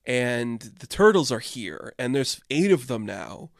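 A man's voice: medium pitch, big pitch swings, a little slow, gravelly, no room sound. A boastful male cartoon villain, thinking aloud as he lays out a scheme, played by a man in his own voice. The recording is dry and close. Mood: plotting.

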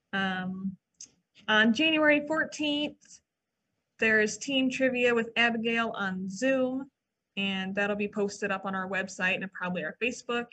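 A woman library staffer co-hosting a casual podcast, reading event listings and adding quick asides. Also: on the high side, sharp tone. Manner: chatty, reads listings then adds quick asides. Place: old brick library building.

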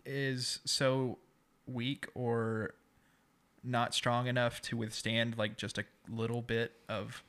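A man co-hosting a relaxed podcast chat, with a gravelly edge of vocal fry on a bright, forward tone. He tells the story in an animated way, stumbling and restarting as he goes. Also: mid-range voice. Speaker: podcast co-host. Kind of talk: casual recap chat.

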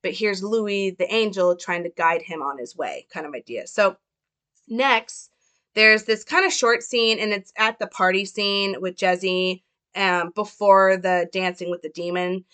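Speaking a little slowly in a mid-range, fairly bright voice, a young woman chats casually through her analysis of a film. As a film commentator, she hedges a lot and fills her talk with fillers.

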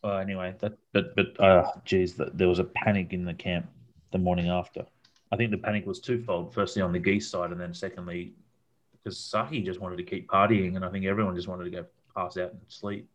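A man's voice: sits low, flat delivery, a little fast, muffled recording. A man, telling a long, rambling camping story in a casual chat, with lots of fillers and repeated words.

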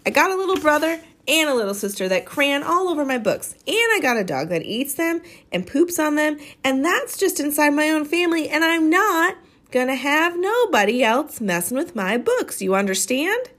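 A woman voicing a fierce, bossy young girl who loves her books, talking in a sharp, insistent, scolding way. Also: high voice, very animated, moderate pace, voice pushed up.

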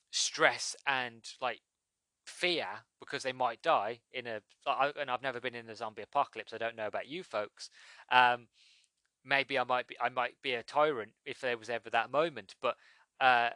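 A man giving a casual, rambling spoken game review, often restarting his sentences and acting out lines from the game in sudden loud bursts. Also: mid-range voice, no echo. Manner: rambling, chatty, with frequent restarts.

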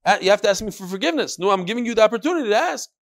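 A man giving a lively Talmud class, reading the Aramaic and then telling the story in English, acting out the characters as he goes. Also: sits high, rapid-fire. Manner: animated storytelling, acts out the characters. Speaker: Talmud teacher.

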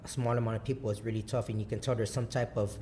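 A man from Guam telling stories in a loose, profane, rambling way, laughing loudly at his own punchlines. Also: lowish voice, fairly even intonation, rapid-fire, a little hiss or hum. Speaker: podcast guest, coffee bar founder. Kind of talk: casual storytelling chat.

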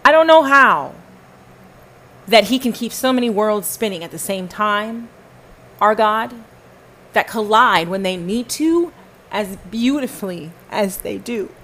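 A woman's voice: medium pitch, unhurried, a bit bright, a little hiss or hum, low-quality recording. Fervent woman repeating herself for emphasis. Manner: talks to listeners and to God in turn. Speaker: podcast host. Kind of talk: casual spoken testimony.

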